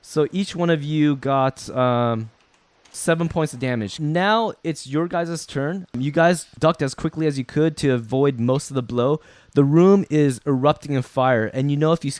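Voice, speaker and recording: A man's voice: mid-range voice, moderate pace, darkish tone, clean tone, no echo. A man narrating a tabletop game as game master, explaining rules and describing scenes with frequent ums.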